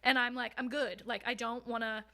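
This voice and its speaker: A woman's voice: on the high side, steady tone, a little fast, bright, forceful tone. A young woman guest telling her own story in a frank, casual way, swearing freely and laughing through hard moments. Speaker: podcast guest. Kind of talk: candid conversational storytelling.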